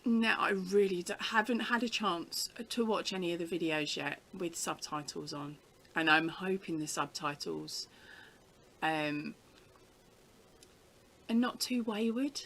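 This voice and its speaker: A woman's voice: on the low side, measured pace, a bit bright, a little hiss or hum, rough recording. A middle-aged woman from the UK, chatting casually to camera as a crafting vlogger, telling stories with a giggle.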